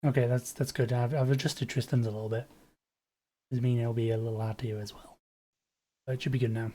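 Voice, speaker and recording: A man narrating as game master for a tabletop game, relaxed with hesitant fillers. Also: mid-range voice, brisk.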